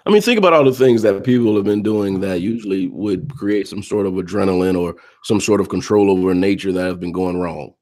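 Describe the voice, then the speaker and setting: A man's voice: sits low, brisk, hardly any pauses, a little mellow. A man co-hosting a casual talk show, laid-back and laughing often. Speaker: podcast co-host. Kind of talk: casual chat.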